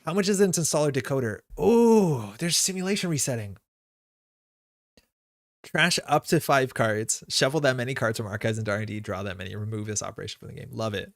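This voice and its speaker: A man's voice: mid-range voice, quick pace, vocal fry, fairly bright tone, dry recording, clean studio sound. Man thinking aloud over a card game. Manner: thinking aloud, casual, with frequent fillers. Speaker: streamer playing a card game. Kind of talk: live gameplay commentary.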